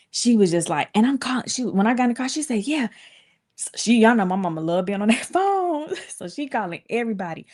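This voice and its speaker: Speaking a bit quickly in a mid-range voice, a young woman recounts a story to her viewers in an easygoing stream. She performs the quoted lines with lots of energy, swearing as she imitates each voice.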